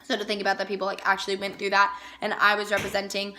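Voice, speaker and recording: Bubbly, bright-voiced young woman gushing. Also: mid-range voice, monotone, rapid-fire, a little hiss or hum. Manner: gushing, with frequent "like" fillers. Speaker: vlogger. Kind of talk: casual chat.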